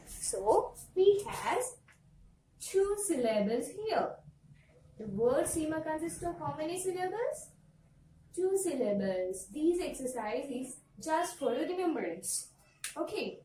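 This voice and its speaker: High-voiced woman teaching pronunciation. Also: a little mellow, a little hiss or hum. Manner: explains step by step, repeats words slowly, asks "right?". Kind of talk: classroom-style lesson to camera. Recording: echoey room, somewhat far from the mic.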